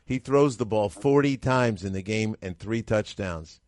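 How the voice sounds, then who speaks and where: A man's voice: fairly low pitch, a little slow, a little mellow, dry recording, clean studio sound. A male radio host asking questions, eagerly reciting stats and leading into each question.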